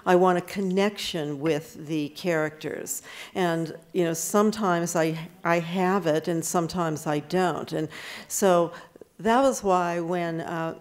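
A woman's voice: on the low side, darkish tone. An older American woman, an author, chatting with an audience at a book event and often restarting her sentences. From United States. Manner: chatty, with frequent restarts and quick asides. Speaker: author answering audience questions. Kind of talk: casual talk at a book event.

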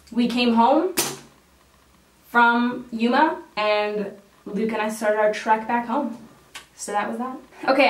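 A young woman vlogger telling a story in casual chat while doing her makeup, swearing freely. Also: medium pitch. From Canada. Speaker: beauty vlogger. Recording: roomy echo from a distant mic.

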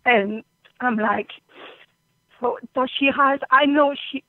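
A woman calling in to a radio show, crying and halting, often apologizing as she talks about a loss. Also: sits high, no room sound. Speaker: caller. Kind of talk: call-in phone conversation. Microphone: telephone. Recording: tinny phone line.

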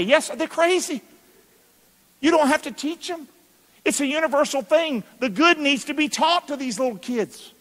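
This pastor's voice is very high and sharp as he delivers an emphatic, folksy sermon full of colloquial asides. He works in call-and-response, prompting the congregation for answers, while the church sanctuary's long hall reverb trails after him.

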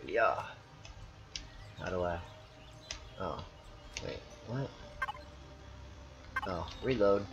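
Deep-voiced profane man gaming. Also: animated, extremely slow, pauses often, highs cut off, very noisy. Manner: profane, joking, laughs often. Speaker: gaming channel host. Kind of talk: casual gameplay commentary.

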